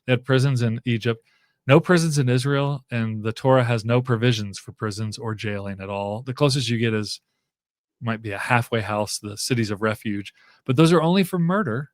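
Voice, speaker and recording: A man's voice: mid-range voice, fairly quick, no room sound, clean studio sound. A man speaking as a guest professor in a casual interview, thinking aloud with frequent fillers and restarts.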